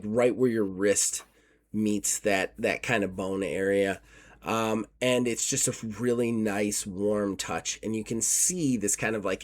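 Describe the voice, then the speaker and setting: A man running a tabletop horror game, narrating casually with fillers and quick self-corrections. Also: on the low side. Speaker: game master.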